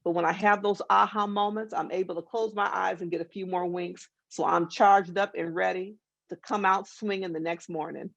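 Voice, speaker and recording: A woman's voice: mid-range voice, fairly even intonation, normal speed, gravelly, no room sound. A woman panelist speaking emphatically and plainly, with a wry edge, over a video call. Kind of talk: conversational panel discussion. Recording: dull lo-fi video call audio.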